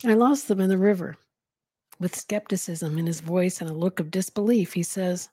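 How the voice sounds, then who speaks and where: A woman's voice: fairly low pitch, moderate pace, warm tone, slightly rough, dry recording. A woman hosting a podcast, reading a novel aloud in a casual way with giggly asides. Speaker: podcast host and reader.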